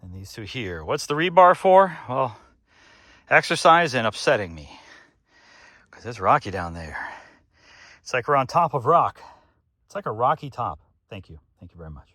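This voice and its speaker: A man's voice: mid-range voice, very animated, normal speed, pauses often, fairly bright tone, dry recording, clean studio sound. A man narrating to himself while building outdoors on a slope, wry and joking, a little short of breath. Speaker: DIY builder vlogger. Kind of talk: casual self-narration while working.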